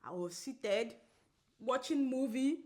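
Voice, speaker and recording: A woman co-hosting a podcast who tells a story in casual chat, acting out the quoted lines and laughing often. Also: slow pace. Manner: animated, acts out quoted dialogue with big pitch jumps; laughs often while telling. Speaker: podcast co-host.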